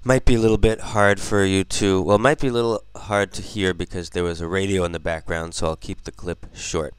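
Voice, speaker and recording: A man's voice: sits low, steady tone, brisk, smooth. A man narrating his vlog casually, explaining things step by step. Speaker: vlogger.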